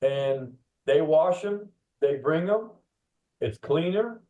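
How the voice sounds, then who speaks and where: A middle-aged man talks in an animated way, acting out voices and laughing through his stories. His voice sits fairly high for a man. It comes through a tinny, phone-like line, heard from some distance off the mic. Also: slow pace, echoey room. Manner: animated storyteller who laughs and acts out kids and parents. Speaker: director of coaching at a youth soccer club. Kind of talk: casual podcast chat.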